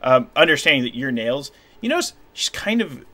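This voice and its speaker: A man narrating a tabletop game as game master, casual and a bit halting. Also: mid-range voice, big pitch swings, pushed and bright. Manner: casual, hesitant, lots of fillers.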